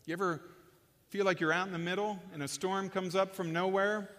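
High-voiced man preaching in an echoing hall. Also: fairly even intonation, brisk. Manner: passionate, builds in loudness, then drops to a hush. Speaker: pastor. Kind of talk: sermon. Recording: long echo of a large hall.

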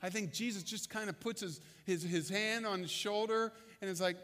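A man preaching a sermon, retelling the story in a conversational, storytelling way with dramatic pauses. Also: high-pitched, fairly bright tone, in a large hall. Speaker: pastor.

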